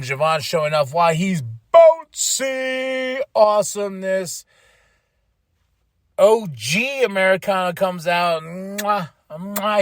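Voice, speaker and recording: A man hosting a podcast, rambling excitedly through a casual wrestling recap, laughing and losing his train of thought. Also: sits high, dry recording, clean studio sound. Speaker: podcast host.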